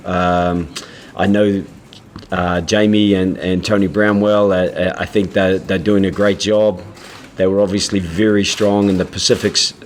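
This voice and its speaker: A head coach at a press conference, answering in a measured, halting way with frequent restarts. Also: male voice, lowish voice, a little hiss or hum.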